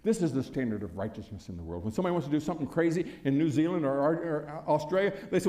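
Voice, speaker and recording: Older male speaker, slightly high voice, folksy anecdotal speech style with chuckles, reverberant hall. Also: lively intonation, racing, hardly any pauses, dark tone. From United States. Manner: storytelling, chuckling, punchy rhetorical questions. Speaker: former congressman giving a speech. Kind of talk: folksy public speech to an audience. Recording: echoey hall.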